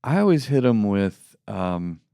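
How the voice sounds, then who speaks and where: Advice podcast co-host, male, low and gravelly, empathetic, casual talk. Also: very animated, measured pace, dark tone, dry recording, clean studio sound. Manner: empathetic, acts out what he would say.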